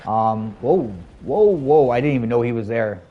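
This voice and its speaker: A man in his thirties streams a shooter game and chats with viewers as he plays. His voice sits at an ordinary middle pitch, and he rambles from one idea to the next in a relaxed, friendly way. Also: normal speed, phone-quality sound. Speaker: gaming streamer. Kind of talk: casual live-stream chat while gaming.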